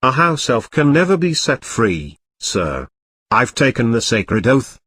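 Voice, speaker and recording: A man voicing a timid, excitable male house elf servant who keeps dropping a low, bowing "sir" at the end of his sentences. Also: a little slow, breathy edge, no echo, exaggerated voice. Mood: earnest. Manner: servile, ends sentences with a low drawn "sir".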